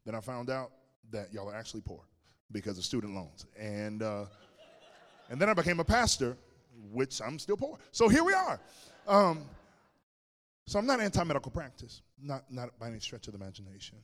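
A man's voice: mid-range voice, big pitch swings, normal speed, a bit bright. A man preaching a sermon as pastor, telling a personal story with humor and speaking directly to the congregation. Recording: long reverb of a large hall.

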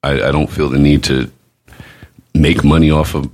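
A man's voice: a bass voice, level tone, moderate pace, a little mellow. A man hosting a podcast, telling crude stories with lots of swearing and mocking the voices of the people he quotes. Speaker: podcast host. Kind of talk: crude casual storytelling.

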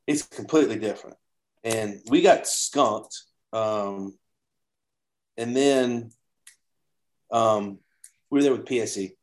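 Male podcast guest, low voice, rambling storyteller with many restarts. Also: slow, pauses often. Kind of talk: casual chat.

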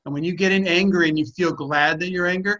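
A man's voice: sits high, steady tone, fast talker, pushed and bright, muffled recording. A man leading a group call, talking in a direct, blunt and emphatic way as he coaches the participants. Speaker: group facilitator.

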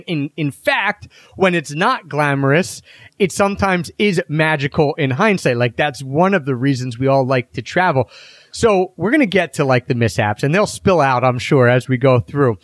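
A man's voice: a little high, no room sound. A man hosting a podcast with an upbeat, playful energy and a slightly raised voice. He leans on his words for emphasis. The sound is dry and close. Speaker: podcast host.

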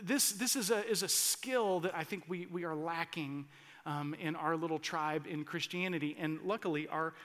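A man delivers a sermon with earnest conviction, pressing into impassioned emphasis and often restarting his phrases. His voice sits high. It has a bright, ringing edge. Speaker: pastor.

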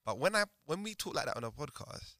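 Fast-talking man with a London accent. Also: on the high side, no echo, clean studio sound. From Uganda. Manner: animated storyteller, laughs often, London slang. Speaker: podcast guest. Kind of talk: casual chat.

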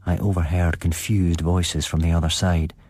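A male podcast host narrates a ghost story at a measured, suspenseful pace. His voice is very low and husky. The sound is dry and close, with no room echo. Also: level tone, darkish tone.

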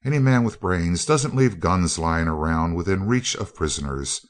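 A man reading a cold male scientist villain in a spoken story. He speaks in a very deep voice, with a cool, even, clipped delivery. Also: normal speed. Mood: coldly calm. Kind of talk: audiobook character voice.

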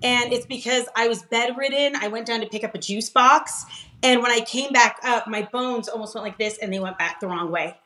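A middle-aged woman, a podcast guest, telling a personal story in an emphatic, animated way with frequent laughs. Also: on the high side, fairly quick. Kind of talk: conversational storytelling interview.

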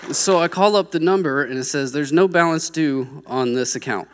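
A man's voice: on the high side, moderate pace, hardly any pauses, a crowd in the background, noisy background. A man animatedly telling a joyful church testimony story. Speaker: church member giving testimony. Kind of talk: spoken testimony at a church service. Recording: church hall reverb with congregation faintly behind.

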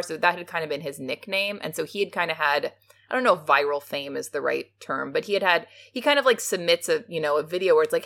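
A woman's voice: low voice, a little fast, a bit bright. A woman co-hosting a podcast, chatting casually and animatedly about a film, often laughing. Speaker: podcast co-host.

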